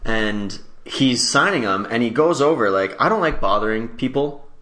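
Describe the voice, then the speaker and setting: Young man, bright tone, quick animated storyteller, casual podcast banter. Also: medium pitch. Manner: fast, animated storytelling with laughs. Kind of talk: casual chat.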